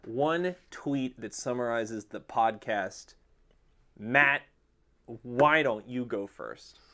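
A man's voice: medium pitch, very slow. Joking male podcast host. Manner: joking, deadpan self-mocking. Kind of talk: casual podcast chat. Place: studio.

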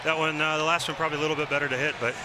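Fast-talking young player amid background noise. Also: male voice, a little high, flat delivery. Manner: quick, casual, with fillers. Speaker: baseball player. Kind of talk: postgame interview.

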